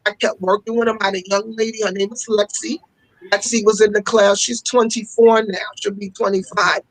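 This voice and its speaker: A woman speaks as a guest on a talk segment, telling long stories with passion and repeating words to drive them home. Her voice sits at a middle pitch. The sound is dry and close, with no room echo. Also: flat delivery, a little fast. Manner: passionate storytelling with repetitions. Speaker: fashion school owner and guest. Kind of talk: casual interview talk.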